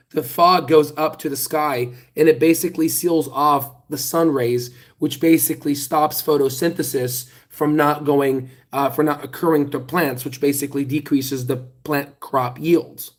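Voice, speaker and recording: The voice is fairly high and the recording rough: a weary young man with a sore throat runs a loose stock channel chat from an outdoor hot tub, holding his phone. He wanders off topic, mocks himself, and starts over again and again.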